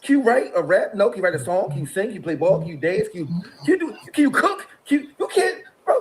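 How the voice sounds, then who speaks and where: A middle-aged man speaks high in his range with wide, swooping pitch. He rants in an exasperated, mocking way and laughs between his jabs. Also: very animated, fast talker. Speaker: interview guest. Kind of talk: heated call-out rant.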